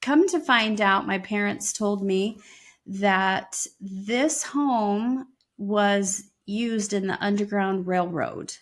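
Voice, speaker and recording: Woman podcast co-host, casual storyteller, average pitch, frequent ums. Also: takes it slowly. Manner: lively retelling with frequent ums.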